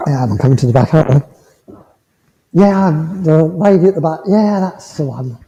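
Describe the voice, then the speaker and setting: A man giving a mediumship demonstration to a congregation, speaking in a gentle, reassuring way and checking in often with the listener. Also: on the high side, expressive, normal speed, long pauses. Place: village hall. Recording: muffled hall sound with long reverb.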